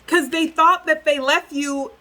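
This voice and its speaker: Woman, tarot reading to the viewer, emphatic, repetitive, sassy, high voice. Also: fairly even intonation, measured pace, pushed and bright, poor audio. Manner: emphatic, preachy, repeats phrases for effect; sassy, incredulous outbursts. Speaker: tarot reader.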